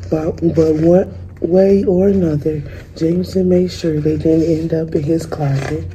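A young woman, a student, reading a children's picture book aloud in a gentle, unhurried way. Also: sits low, steady tone, background noise. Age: young adult. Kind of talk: storybook read-aloud.

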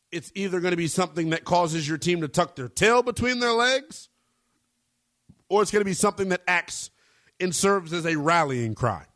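A man hosting a college sports radio show, talking with big swoops in pitch and slangy emphasis. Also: fairly bright tone, dry recording, clean studio sound. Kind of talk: energetic sports talk radio.

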